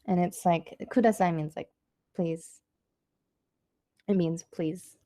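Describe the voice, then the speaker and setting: A woman giving a casual online language lesson, chatty and loose with lots of fillers, saying practice phrases slowly and clearly. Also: on the low side, steady tone, warm tone, no echo, studio quality. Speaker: Japanese language teacher.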